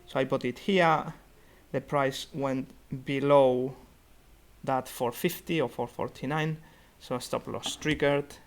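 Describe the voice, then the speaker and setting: A man's voice: mid-range voice, fairly even intonation, slow. A young man on a video call thinking aloud as he reviews a student investment portfolio, with many fillers and restarts. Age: young adult. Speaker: student investment society organiser. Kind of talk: virtual meeting portfolio review. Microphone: computer mic on a video call.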